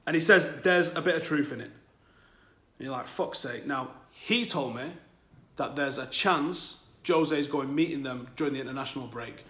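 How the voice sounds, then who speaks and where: A man's voice: mid-range voice, normal speed, fairly bright tone, roomy sound. A man hosting a football channel, talking candidly to his audience from home and swearing freely. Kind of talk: casual monologue to camera. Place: at home, new flat.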